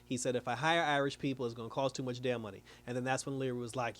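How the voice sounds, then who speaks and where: A man reviewing a TV episode in casual recap commentary, animated, laughing often and dropping his voice low to mimic characters. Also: very fast, hardly any pauses. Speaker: TV show reviewer.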